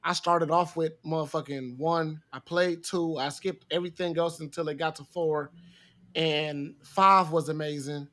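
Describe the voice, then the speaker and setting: A man co-hosting a casual podcast, with a crisp, bright voice pitched a little high. He talks in a laid-back, enthusiastic way and keeps dropping "bro" as he gushes. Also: steady tone, unhurried. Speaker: podcast co-host. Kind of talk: casual chat.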